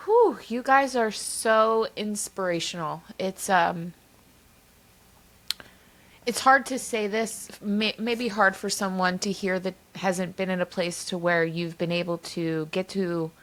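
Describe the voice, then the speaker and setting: A woman podcast host speaks with open, gushing encouragement, praising her guest's story and work. Her voice sits at an ordinary middle pitch. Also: measured pace. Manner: warm, effusive and encouraging. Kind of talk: conversational interview.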